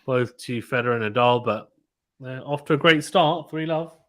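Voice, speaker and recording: A man calling a match live on a stream in casual play-by-play, getting excited and reading out viewer chat. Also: medium pitch, moderate pace.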